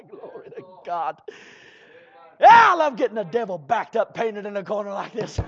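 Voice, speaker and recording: A man preaching a fiery sermon, breaking into shouts and slow drawled asides and calling out to the congregation. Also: sits high, sing-song, husky. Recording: dull lo-fi church recording.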